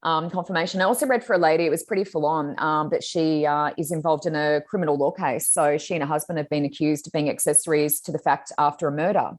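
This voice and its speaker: A woman co-hosting a podcast, telling stories in a chatty, excitable way with lots of fillers. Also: sits low, fast, few pauses. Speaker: psychic medium podcast co-host. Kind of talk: casual chat.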